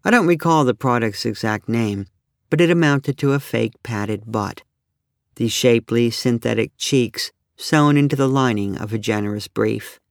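A middle-aged man reading his own humorous personal essay aloud with a wry, deadpan delivery. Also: mid-range voice, normal speed, no room sound, studio quality.

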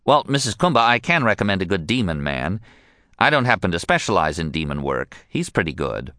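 A man voicing a sleepy, laid-back male witch doctor taking a late-night phone call, in a drowsy deadpan manner. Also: low voice, brisk, dry recording, studio quality, heavily acted.

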